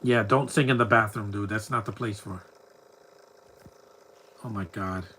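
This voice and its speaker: A film commentator with a lowish, sharp-toned voice talks at normal speed over a movie, and the poor audio carries some hiss or hum. His live commentary rambles as he bluntly talks back at the screen, often stumbling over repeated words.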